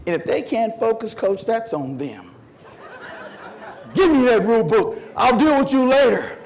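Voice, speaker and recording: A man's voice: high voice, big pitch swings, moderate pace, vocal fry, warm tone, pitched above the performer's own voice, exaggerated voice. A man voicing a cheeky, defiant teenage girl who is captain of a track team, as he tells a story on stage. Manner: sassy, defiant.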